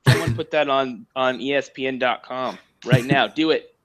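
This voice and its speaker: A man's voice: medium pitch, steady tone, moderate pace, fairly bright tone. A man talking as a sportswriter guest on a podcast, joking and self-deprecating as he rambles through casual chat.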